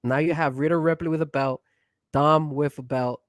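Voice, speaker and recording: A man co-hosting a casual wrestling chat podcast, pushy and excitable, getting loud when he is hyped. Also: fairly high pitch, normal speed, dry recording. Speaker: co-host.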